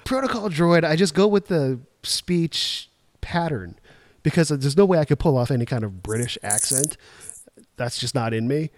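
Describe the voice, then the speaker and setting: A man co-hosting a podcast in casual chat, laughing often in relaxed banter. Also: fairly high pitch, normal speed, dry recording. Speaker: podcast co-host.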